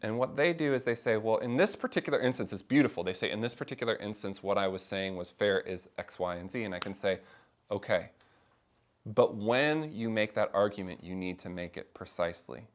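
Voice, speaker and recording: With a lowish voice and a brisk delivery, a middle-aged man hosts a small faith discussion class. He keeps it chatty and animated, voicing the people he quotes as if playing them.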